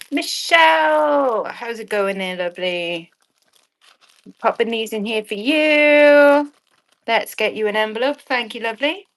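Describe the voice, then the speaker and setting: Slow-talking cheeky woman. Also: on the high side, fairly bright tone. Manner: chatty, cheeky and swearing, laughing at chat messages. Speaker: online auction seller. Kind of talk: casual live-stream selling chat.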